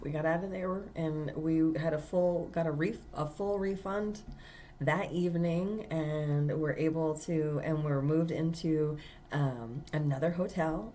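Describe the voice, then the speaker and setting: Low-voiced woman, earnest spiritual talk. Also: dark tone, slight background noise. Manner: earnest, emphatic storytelling with many fillers. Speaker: tarot reader. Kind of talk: casual spiritual monologue.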